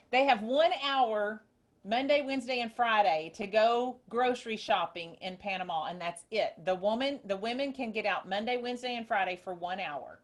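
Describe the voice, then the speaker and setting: A woman hosting a casual group call, telling a story in an excited, rambling way. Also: medium pitch. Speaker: host. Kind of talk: casual chat.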